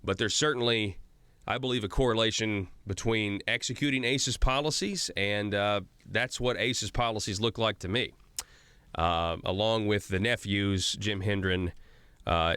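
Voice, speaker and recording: Low-voiced man hosting political talk radio. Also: moderate pace, fairly bright tone, clear, resonant tone, no room sound. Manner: conversational, reads off rankings with frequent fillers and restarts. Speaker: radio talk show host.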